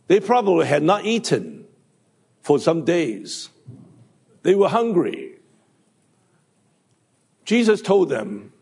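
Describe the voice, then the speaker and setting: A man preaching a sermon, halting with fillers and restarts. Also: fairly high pitch, sing-song, vocal fry, darkish tone, husky. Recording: long hall reverb.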